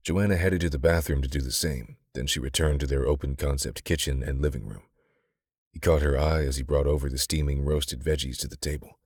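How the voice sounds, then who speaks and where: A man narrating a romance audiobook in a steady, intimate storytelling manner, recorded close on a studio mic. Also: a bass voice, a little fast, husky, no room sound. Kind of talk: scripted narration.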